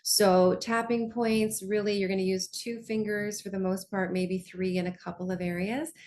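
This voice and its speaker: A woman's voice: medium pitch, level tone, a little mellow, a little hiss or hum. A woman coach leading a guided lesson in a conversational way, often checking in with her listeners. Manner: slows down to guide tapping.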